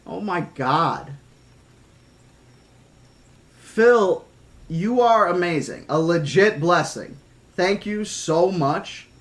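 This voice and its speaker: Man, live streamer, emotional, stammering, fairly high voice. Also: expressive, drawn-out words, long pauses. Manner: emotional, gushing, stammering thanks. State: choked up, near tears. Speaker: streamer reading a novel aloud. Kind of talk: casual live-stream chat.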